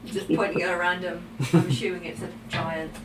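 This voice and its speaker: A woman's voice: lowish voice, flat delivery, a little fast, music in the background. A woman playing in a tabletop game, chatty and giggly. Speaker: player. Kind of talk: casual play. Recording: distant mic in echoey room with hiss.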